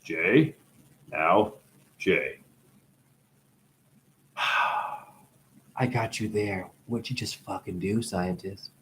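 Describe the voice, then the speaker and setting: A man's voice: low-pitched, extremely slow, long pauses. Rambling, profane spiritual teacher man. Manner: free-associating wordplay, profane, bursts of laughter. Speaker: self-styled spiritual teacher.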